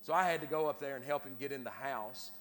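A man's voice: mid-range voice, fast talker, fairly bright tone. A man telling a personal story in a sermon, repeating and restarting his words often. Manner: repetitive, stammering restarts. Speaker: preacher. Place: church sanctuary. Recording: reverberant hall with faint noise.

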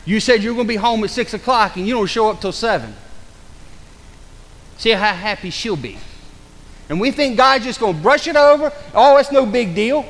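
Man, pastor, preaching, mocks excuses in quoted voices, high-pitched, long hall echo. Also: animated, moderate pace, long pauses. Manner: swings between loud urgent preaching and low hushed warnings. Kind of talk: sermon. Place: church.

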